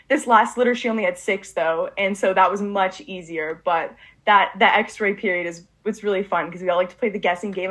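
Teenage girl, interviewee, eager, rambling, lots of fillers, mid pitch. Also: a bit bright. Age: late teens. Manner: eager, rambling, frequent "like" and restarts. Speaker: interviewee, student puppy breeder. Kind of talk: casual interview storytelling.

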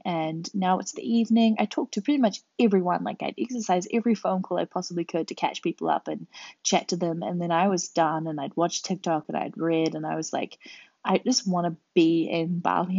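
A woman's voice: fairly low pitch, creaky, a little mellow, no room sound. Chatty young woman, lo-fi. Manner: rambling, chatty, full of "like" fillers. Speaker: podcast host. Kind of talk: casual storytelling monologue. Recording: dull lo-fi dry home recording.

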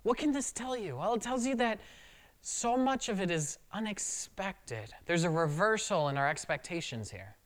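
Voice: medium pitch, big pitch swings, normal speed. A pastor preaching a sermon in a conversational way, acting out quotes along the way.

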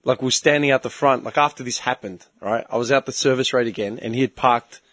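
Animated Australian man telling stories. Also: mid-range voice, quick pace, no room sound. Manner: animated storytelling, swears freely, acts out quotes. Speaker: podcast co-host. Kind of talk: casual chat.

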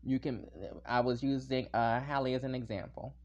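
A man's voice: medium pitch, level tone, normal speed, darkish tone, muffled recording. A man hosting a podcast on his own, talking casually and animatedly, wandering into tangents and laughing often. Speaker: podcast host. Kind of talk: casual solo podcast monologue.

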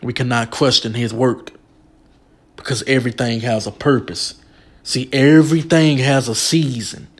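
A man's voice: mid-range voice, fairly even intonation, moderate pace. A man preaching a sermon with emotional, emphatic delivery. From United States.

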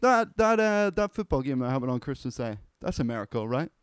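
A man's voice: fairly high pitch, big pitch swings, brisk, clear, resonant tone, no echo. A man co-hosting a casual podcast, musing hesitantly and mocking himself. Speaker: podcast co-host. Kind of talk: casual banter.

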